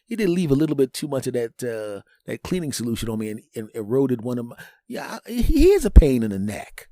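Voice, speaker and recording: A man's voice: medium pitch, sing-song, brisk, mellow, no echo, lightly acted. A man voicing a petty, resentful bidet that complains in a whiny tone. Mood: aggrieved.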